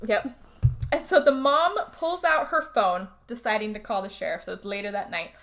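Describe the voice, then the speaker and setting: A woman co-hosting a podcast, recapping a movie in casual chat as an animated storyteller who swears freely. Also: mid-range voice, moderate pace. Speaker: podcast co-host.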